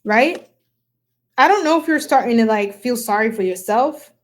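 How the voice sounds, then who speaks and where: Woman, on the high side, chatty live tarot reader who giggles and goofs off with her viewers. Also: lively intonation, normal speed. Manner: casual, talks to viewers as y'all. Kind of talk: live-stream tarot reading.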